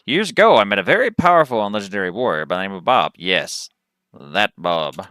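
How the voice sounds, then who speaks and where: A man's voice: lowish voice, sing-song, fairly quick, pushed and bright, smooth, no room sound, studio quality. A man doing a drawling cowboy quest-giver. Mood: earnest. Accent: cowboy drawl, put on. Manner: earnest drawling storyteller. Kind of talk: reading game dialogue aloud.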